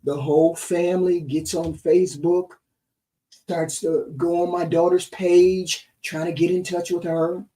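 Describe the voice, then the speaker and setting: A middle-aged woman co-hosting a podcast, retelling a family story in a casual, animated way and often asking "right?". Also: on the low side, measured pace, distant mic, low-quality recording. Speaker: podcast co-host.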